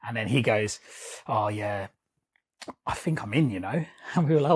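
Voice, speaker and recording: A man's voice: mid-range voice, moderate pace, husky. A man, co-hosting a podcast and telling office stories in casual chat, laughing and swearing freely. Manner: animated storyteller, laughs often, swears casually. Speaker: podcast co-host.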